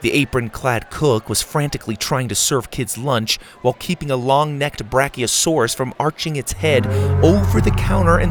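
A man reads a children's adventure story aloud, keeping an even, measured delivery. His voice sits in a middle range. A faint hiss lies under the recording. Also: medium pitch.

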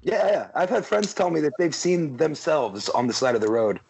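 A man's voice: a little high, very animated, normal speed, vocal fry, a little mellow, a little hiss or hum, poor audio. A man in a casual podcast chat, rambling with lots of fillers and freely swearing. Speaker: podcast panelist.

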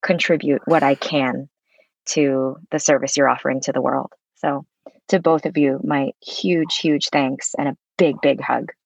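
A woman speaking as a guest on a podcast about voice work, expressive and effusive, swearing casually as she talks. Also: rumbling low, a little slow, gravelly, breathy edge, no echo. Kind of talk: conversational interview. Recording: dull lo-fi sound.

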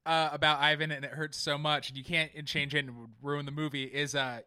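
A blunt, joking man chatting about a film. His voice is bright and a little high. It is recorded dry and close. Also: little pitch movement, a little fast, smooth, no echo. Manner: joking, blunt, retells scenes with quoted lines. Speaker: podcast co-host. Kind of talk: casual movie discussion.

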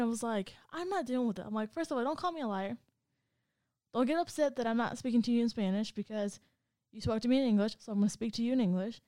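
A woman co-hosting a casual podcast, telling a story in an animated way and acting out the other people's lines. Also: a little high, quick pace, no echo, clean studio sound. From Hispanic background. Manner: animated, acts out quoted dialogue. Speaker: podcast co-host.

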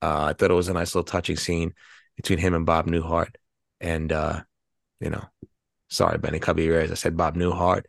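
A man with a very low, gravelly voice, chatting loosely as a podcast co-host. He rambles through his thoughts and swears casually. The sound is dry and close. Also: monotone, brisk, no echo. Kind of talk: casual movie-review chat.

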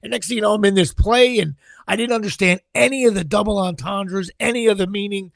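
Middle-aged jersey guy telling stories, high voice with a gravelly edge, keeps tripping over his words. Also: a little fast, dry recording. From Central New Jersey. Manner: animated, stammers and repeats words while telling stories. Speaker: guest actor. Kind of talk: anecdotal interview storytelling.

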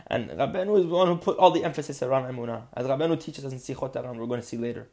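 A man's voice: mid-range voice, very fast, gravelly, dark tone. A man teaching a podcast Torah lesson, earnest and building to emphatic insistence.

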